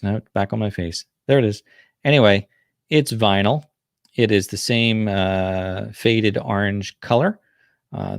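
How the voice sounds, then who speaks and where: A man's voice: on the low side, no room sound, studio quality. A man in his fifties with a New Jersey accent, hosting a casual livestream and chatting in a rambling way with lots of fillers. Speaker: livestream host.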